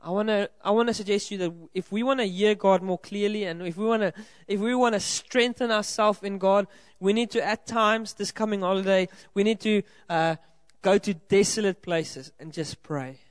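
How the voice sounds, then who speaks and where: A dry recording captures a high-voiced South African man preaching a sermon at a normal speed. He pastors a congregation in a church hall, speaking to them directly with earnest encouragement.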